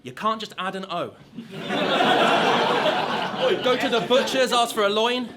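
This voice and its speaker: A man's voice: high voice, measured pace, heavy background noise. A young man from London with a London accent, delivering a mocking rap battle verse full of punchlines in front of a live audience. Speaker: battle rapper. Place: large hall with a live crowd. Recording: loud crowd cheering and laughing.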